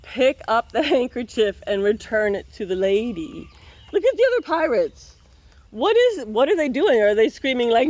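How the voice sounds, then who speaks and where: A woman's voice: fairly high pitch, big pitch swings, moderate pace, a little mellow, dry recording, lo-fi sound. A woman reading a picture book aloud, breaking off for playful, wry running commentary.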